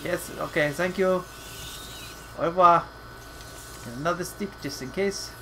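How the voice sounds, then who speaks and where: Playful, cussing let's play host. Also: male voice, sits high, fairly bright tone, a little hiss or hum, poor audio. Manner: playful, swears freely, laughs often, rants; reads game text aloud slowly and dramatically. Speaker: gaming channel host.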